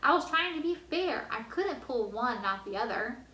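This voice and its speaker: A woman's voice: a little high, animated, moderate pace, sharp tone, echoey room. A woman voicing a stubborn young schoolboy who protests and argues, read aloud from a storybook. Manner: reluctant, protesting.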